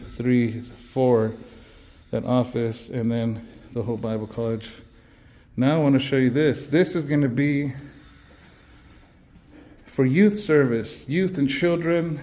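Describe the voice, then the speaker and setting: A man's voice: medium pitch, warm tone. A man out of breath from walking, eagerly touring an empty church building and talking straight to viewers. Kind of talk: casual walkthrough vlog.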